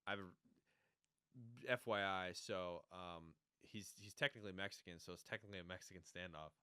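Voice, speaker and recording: A man co-hosting a podcast, chatting casually and animatedly about a TV show, jumping into quick character impressions. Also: deep voice, pushed and bright, clear, resonant tone, dry recording, studio quality. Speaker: podcast co-host. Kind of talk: casual chat recapping a TV show.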